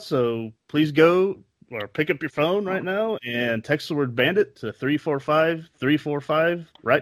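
A man's voice: a little high, no echo. A man hosting a hunting podcast, friendly and folksy, reading promos. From Texas. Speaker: podcast host. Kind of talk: casual podcast chat.

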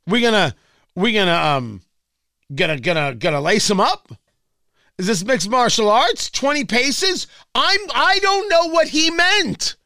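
A man's voice: extremely high pitch, pushed and bright, clear, resonant tone, no room sound, studio quality. A man hosting a political talk radio show, delivering a sarcastic, mocking monologue full of rhetorical questions. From Indianapolis area.

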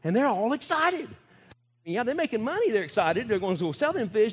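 A man's voice: very high voice, big pitch swings, fairly quick, slightly rough, in a large hall. A man, preaching in a folksy, emphatic way and laughing often. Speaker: ministry speaker. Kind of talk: preaching talk.

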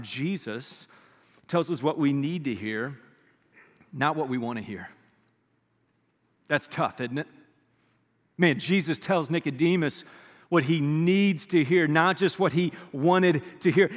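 A male pastor with a notably high voice preaches in a relaxed, conversational way, now and then sinking into a hushed near-whisper to drive a point home. His voice rings through a large church hall with a long, trailing reverb. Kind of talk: sermon. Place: church sanctuary.

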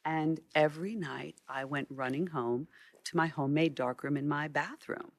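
In this interview, a middle-aged photojournalist recounts vivid tales from her working life. She speaks at a normal pace in a low-pitched voice, telling her stories anecdotally.

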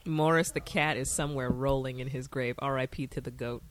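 A woman's voice: very deep voice, fairly even intonation, a little fast. A young woman co-hosting a casual watch-along chat, playful and chatty. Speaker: co-host.

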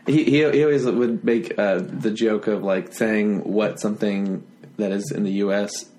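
A man with a low voice hosts a relaxed podcast. He talks loosely, swears freely and jokes along with his guest. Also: moderate pace, slight background noise. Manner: loose, profane, joking. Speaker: podcast host. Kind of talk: casual podcast chat.

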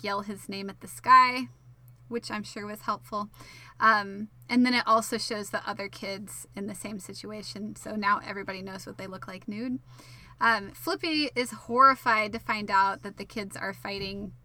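A woman's voice: mid-range voice, pushed and bright. A woman giving a casual episode recap, full of fillers, wry asides and the odd swear word. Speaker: show recapper.

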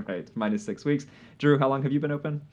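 A man hosting a casual live podcast, easygoing and quick to laugh, with plenty of "uh" fillers. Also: mid-range voice, a little mellow, lo-fi sound. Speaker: podcast host.

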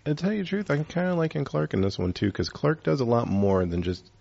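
A man's voice: medium pitch, very animated, a little fast, gravelly, darkish tone, highs cut off. A man hosting a casual chat, rambling with lots of fillers.

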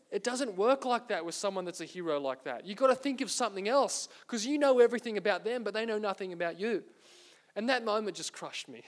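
An Australian man preaching a sermon as pastor, earnest and self-deprecating as he tells a story. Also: high voice.

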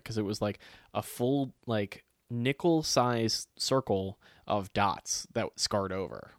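A man's voice: fairly low pitch, moderate pace, dry recording, clean studio sound. A man co-hosting a casual chat, telling stories with acted-out quotes and plenty of swearing. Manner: animated storytelling, swears freely, acts out quotes.

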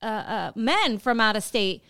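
Woman podcast cohost, mid pitch, lots of ups and downs, dry sound, chatty and earnest. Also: sing-song, a little slow, sharp tone, dry recording. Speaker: podcast co-host. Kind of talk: casual chat.

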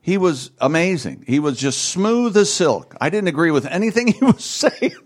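An older man in casual chat as a podcast co-host, rambling and halting with many pauses. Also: fairly high pitch, very animated.

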